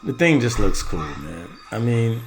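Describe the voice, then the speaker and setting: A man's voice: lowish voice, big pitch swings, measured pace, music in the background. Chatty man reviewing Halloween props. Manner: chatty, rambling with self-corrections. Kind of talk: casual opinion vlog.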